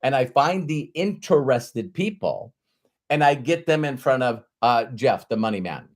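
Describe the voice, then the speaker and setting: A man's voice: medium pitch, lively intonation, measured pace, natural voice. A man voicing a boastful, upbeat immigrant salesman who speaks in short, clipped, broken English.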